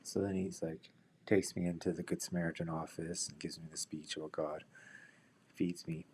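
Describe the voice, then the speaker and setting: Deep-voiced man, day trader, rambling and profane, mutters and whispers to himself while trading. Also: flat delivery, moderate pace, darkish tone, slight background noise. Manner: drops into whispers. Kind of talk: casual trading commentary with personal stories.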